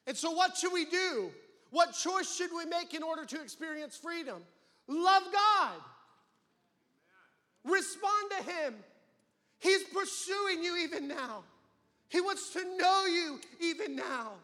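High bright-voiced pastor preaching, loud then hushed, big echoey church hall. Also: male voice, animated, takes it slowly. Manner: impassioned, swings between loud calls and hushed pleading. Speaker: campus pastor. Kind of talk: sermon. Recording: long hall reverb.

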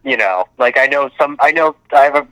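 A man's voice: mid-range voice, expressive, brisk, sharp tone, no echo, poor audio. A man in his thirties telling rambling stories in casual chat, full of fillers and laughs.

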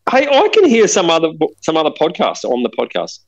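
An Australian man co-hosting a podcast tells a funny anecdote during a casual chat over a remote call. His voice is a little high and brisk, and the recording has its highs cut off. He's an animated storyteller.

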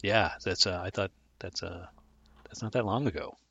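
Very deep-voiced male co-host, halting casual chat. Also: creaky, a bit bright, slightly rough, highs cut off. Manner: hesitant, many fillers and restarts, self-deprecating. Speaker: podcast co-host.

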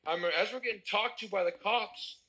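A young American man telling a wild party story in casual chat, animated and swearing. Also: high voice, fairly quick, husky, low-quality recording. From United States.

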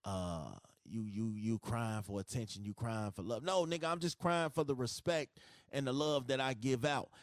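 Solo podcast host, male, mid pitch, AAVE speech, profane repetitive rant, dry close mic. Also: normal speed, no room sound.

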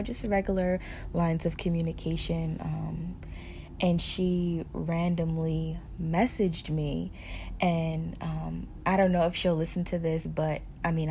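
Low, gravelly woman sharing a testimony. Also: a little hiss or hum. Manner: animated storytelling with laughs and hushed asides. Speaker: podcast host sharing motherhood stories. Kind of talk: personal faith testimony told to listeners.

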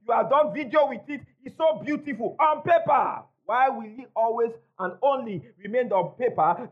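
A man's voice: extremely high pitch, fairly bright tone, lo-fi sound. A man preaching a sermon to a congregation, emphatic, repeating key lines and calling for responses. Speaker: pastor. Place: church hall before a congregation.

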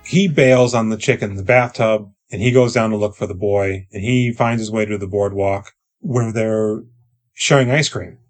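A man's voice: fairly low pitch, steady tone, moderate pace, faint music behind. A man co-hosting a podcast, recapping a movie in casual profane chat and acting out the characters' lines. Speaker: podcast co-host.

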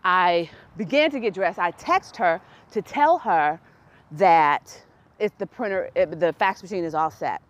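A woman hosting her own podcast, telling a casual story in an animated way, laughing and reenacting dialogue with growing exasperation. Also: on the low side, unhurried. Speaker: podcast host.

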